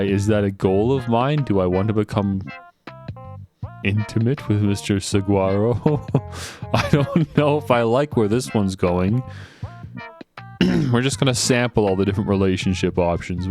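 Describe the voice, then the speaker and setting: A man's voice: on the low side, moderate pace, a little mellow, faint music behind. A man giving casual, joking commentary while playing a video game. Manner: joking, chatty, laughs a lot. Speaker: let's play gamer.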